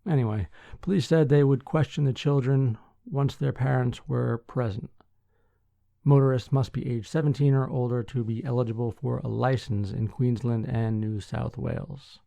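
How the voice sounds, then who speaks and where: Gravelly, sleepy man reading the news. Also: medium pitch, steady tone, normal speed, warm tone, no echo. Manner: reads articles aloud with dry asides. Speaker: podcast host. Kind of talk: casual news-reading podcast.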